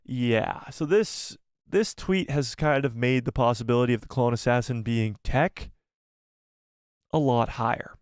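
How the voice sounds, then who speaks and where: A man's voice: medium pitch, unhurried, clear, resonant tone, no room sound. Guy hosting a live stream, chatty and joking around, dry close sound, mid voice. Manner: chatty, jokey, thinks aloud with restarts. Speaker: live stream host reading viewer chat. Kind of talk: casual live stream chat.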